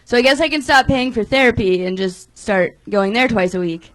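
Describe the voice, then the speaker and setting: A woman's voice: fairly high pitch, moderate pace, no room sound, poor audio. A woman performing a stand-up set on a comedy club stage, nervous and hesitant, with many fillers.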